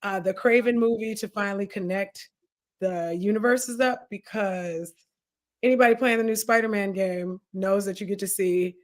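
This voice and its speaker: A woman's voice: medium pitch, steady tone, normal speed. A woman co-hosting a podcast in casual chat, laughing often and teasing the others. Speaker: podcast co-host.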